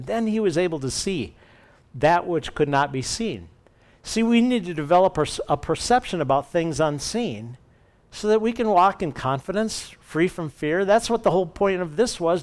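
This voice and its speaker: Smooth-voiced male pastor preaching. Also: a little high, moderate pace. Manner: expressive, acts out quoted speech. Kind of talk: sermon with Bible reading.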